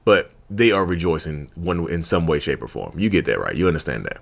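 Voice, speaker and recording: A man with a deep voice talks straight to the camera, his pitch jumping up and down as he goes. He holds a handheld mic while seated at home, speaking colloquially with folksy asides and repeated phrases. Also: expressive, brisk, creaky. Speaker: YouTube host talking about narcissism. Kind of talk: casual direct-to-camera talk.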